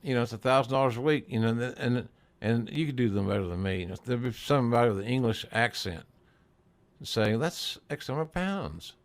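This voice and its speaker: A man's voice: mid-range voice, a little fast. An older man hosting a podcast interview, telling stories in a folksy, salty manner. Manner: folksy, salty, chuckling storyteller. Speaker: podcast host. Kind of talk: casual interview chat.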